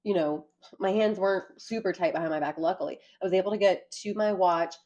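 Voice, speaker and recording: A woman giving an earnest, animated account of her arrest during a conversation. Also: lowish voice, brisk, lo-fi sound. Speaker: guest recounting an arrest.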